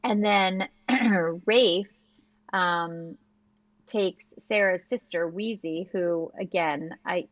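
A woman co-hosting a podcast, chatting casually and retelling scenes with quick quoted lines. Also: lowish voice, no echo, dull audio. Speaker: podcast co-host. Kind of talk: casual recap chat.

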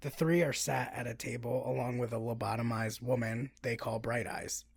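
Gravelly-voiced woman, laughing and rambling. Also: rumbling low, fairly even intonation, normal speed, no echo. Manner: laughs often, rambling with many "like" fillers. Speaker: podcast co-host. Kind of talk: casual chat, reading a plot summary.

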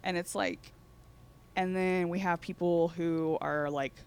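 A woman's voice: fairly low pitch, steady tone, takes it slowly, darkish tone, smooth. A woman co-hosting a casual chat, telling rambling laid-back stories full of fillers and laughter.

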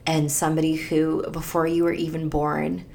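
A woman co-hosting a faith podcast, telling a personal story in an earnest, tender way with soft laughs. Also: low-pitched, monotone, moderate pace, vocal fry, slight background noise. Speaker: podcast co-host. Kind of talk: reflective faith podcast conversation.

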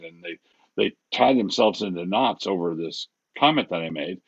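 A man's voice: deep voice, lively intonation, normal speed, breathy edge, dry recording, highs cut off. A man, a pastor, talking casually on a podcast with many restarts and chuckles at his own examples. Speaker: pastor and guest author.

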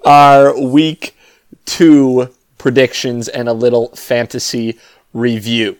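A man's voice: medium pitch, little pitch movement, takes it slowly, clean tone, dry recording. A man hosting a casual sports podcast, opening with wry announcer-style intros and chatting with his co-hosts. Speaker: podcast host.

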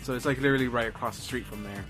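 Tabletop rpg player dude, average voice, lots of uhs, music pretty loud in the back. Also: male voice, mid-range voice, racing. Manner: hesitant, many uhs and restarts. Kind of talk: casual tabletop role-play.

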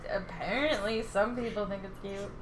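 A young woman co-hosts a podcast in a mid-range voice at a normal pace. The talk is casual chat, full of fillers, swearing and giggles.

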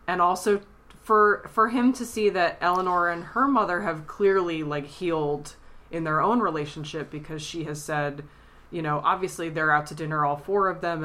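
A woman co-hosting a podcast in casual chat, tearful, retelling scenes and acting out lines in a high squeaky voice. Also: a bit bright. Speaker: podcast co-host.

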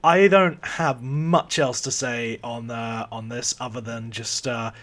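A man co-hosting a casual review podcast, halting and laughing often. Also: mid-range voice, steady tone, fairly bright tone. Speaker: podcast co-host. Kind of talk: casual film review chat.

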